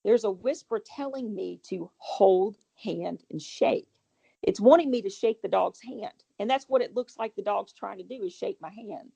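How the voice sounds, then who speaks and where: Low gravelly woman rambling thru a ghost story, dark mellow tone. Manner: chatty, rambling, quick restarts. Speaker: guest homeowner. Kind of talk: casual storytelling.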